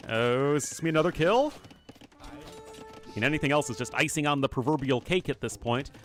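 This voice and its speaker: A man casting a strategy game match live, chatty and rambling, talking straight to his chat. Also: mid-range voice. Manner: chatty, rambling asides, talks to chat directly. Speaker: game caster and streamer. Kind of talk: casual live esports commentary.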